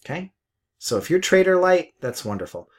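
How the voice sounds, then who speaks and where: Blunt, animated middle-aged trading mentor. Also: male voice, high voice, normal speed. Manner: blunt, swears, repeats himself; chatty, laughs at his own jokes. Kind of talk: live market commentary and teaching.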